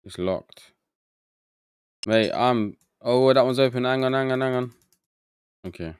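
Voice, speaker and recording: A man's voice: mid-range voice, measured pace, smooth. A man streaming a game live, muttering to himself as he gets confused and chatting with his viewers. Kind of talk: live gameplay commentary.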